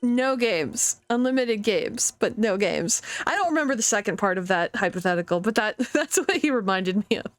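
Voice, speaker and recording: A young woman streaming a game, chatting casually, giggling and thinking out loud. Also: medium pitch, lively intonation, normal speed, hardly any pauses, no echo. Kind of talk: casual let's-play commentary.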